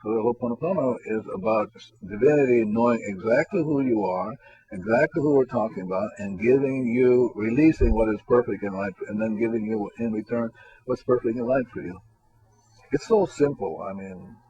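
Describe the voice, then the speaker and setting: Soft-spoken man telling simple stories. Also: medium pitch, moderate pace. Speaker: spiritual teacher interviewed as guest. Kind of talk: relaxed conversational storytelling. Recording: dull lo-fi recording with faint music.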